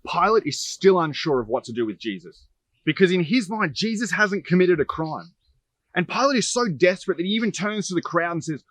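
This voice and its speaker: A man's voice: a little high, expressive, normal speed, fairly bright tone, dry recording. Mid-voiced man narrating a sermon. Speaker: preacher. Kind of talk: sermon storytelling.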